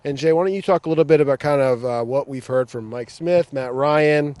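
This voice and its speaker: A man's voice: medium pitch, fairly quick, darkish tone, clear, resonant tone, dry recording. Upbeat American man hosting a podcast. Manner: upbeat, filler-heavy, joking. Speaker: podcast host. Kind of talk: casual sports podcast chat. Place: outdoors at a training ground.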